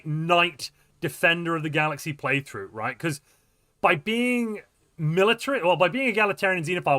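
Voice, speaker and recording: He reads out viewer messages and trades playful jokes while live-streaming a strategy game. His voice sits high and sounds sharp.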